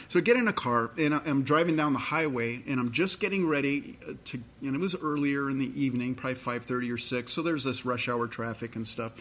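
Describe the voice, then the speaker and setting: A man's voice: medium pitch, a bit bright. A middle-aged man, a pastor, preaching a sermon in a conversational storytelling way and reading scripture aloud.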